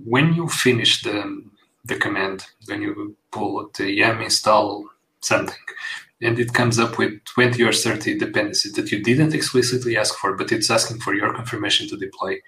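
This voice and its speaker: A man in his forties with a fairly low voice, co-hosting a casual tech podcast. He explains things in a steady, measured way and lays out his points one after another. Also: rough recording. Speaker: podcast co-host.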